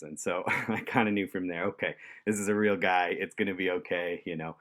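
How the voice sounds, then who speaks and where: A man tells a story in a deep, low voice. He is relaxed and chuckles often, and his speech is full of easy fillers. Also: a little fast, few pauses. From Canada. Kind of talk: casual storytelling.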